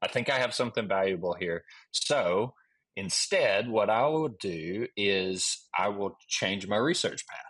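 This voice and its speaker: Unhurried and animated, this man's voice is on the low side, husky and a bit bright. He's a Southern-accented Alabama historian in his thirties, rambling with fillers and frequent restarts as he tells a long story in a casual interview.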